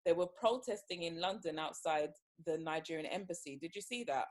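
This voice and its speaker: Hesitant lower-voiced woman podcast host. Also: fairly quick, a little mellow. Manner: hesitant, restarts often, speaks carefully. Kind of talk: casual chat.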